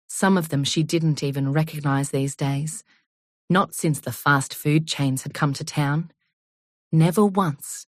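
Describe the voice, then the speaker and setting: A woman reading an audiobook in a measured, unhurried storytelling manner. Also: deep voice, dry recording, studio quality. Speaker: audiobook narrator. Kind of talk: scripted audiobook narration.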